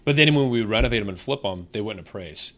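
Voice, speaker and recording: Deep voiced host guy, laid back, jumps in with short comments and laughs. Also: animated, fast talker, fairly bright tone. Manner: laughs along, adds short remarks. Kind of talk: casual podcast interview.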